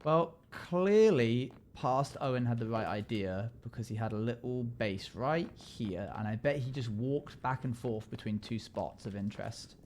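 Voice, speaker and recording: Male live streamer, casual and joking, mid pitch, loud comic outbursts. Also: moderate pace, few pauses, slight background noise. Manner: jokey, chatty, bursts into loud playful yells. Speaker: game streamer. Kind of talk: casual live-stream chat while gaming.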